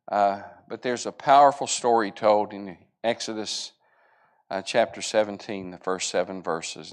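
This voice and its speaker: A man's voice: fairly low pitch, clean tone. Man, Bible class teacher; earnest, conversational, acts out quoted lines as he retells scripture. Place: church classroom.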